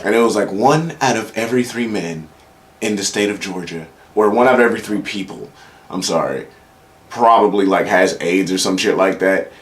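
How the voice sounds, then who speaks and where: A man's voice: on the low side, moderate pace. Laid-back profane man telling stories. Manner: profane, laid-back anecdotal delivery with quoted voices. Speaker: comedian. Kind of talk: casual solo podcast storytelling.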